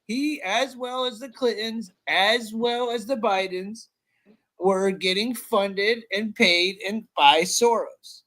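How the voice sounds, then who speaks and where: A man's voice: high voice, takes it slowly, fairly bright tone. A man on a livestream panel, speaking bluntly in slangy casual chat and often cutting in. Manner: slangy, blunt, interrupts a lot.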